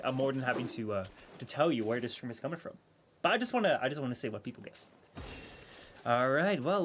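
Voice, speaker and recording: Streaming a game, this Dutchman talks loosely with his viewers, full of filler words and false starts. Dutch is his native language, and his accent carries an American tilt. His voice sits a little high, and there's a faint hiss or hum in the recording.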